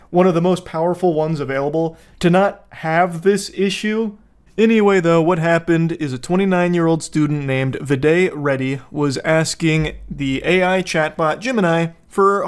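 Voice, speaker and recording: Sardonic profane male commentator. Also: fairly high pitch. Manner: sardonic, profane, jokey asides. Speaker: commentary host. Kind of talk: casual commentary.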